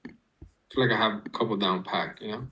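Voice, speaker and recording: A man hosts a live trading stream, talking his chat through chart setups step by step. His voice sits a little low with a bright, forward edge. He swears freely and calls out viewers. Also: fast, low-quality recording.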